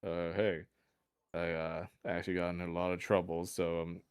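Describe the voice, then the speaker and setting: A man's voice: low voice, level tone, normal speed, smooth, dry recording, clean studio sound, close to an everyday voice. A man voicing a nervous, embarrassed young male half-demon who talks hesitantly in a tabletop game. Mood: sheepish. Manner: hesitant, mumbling.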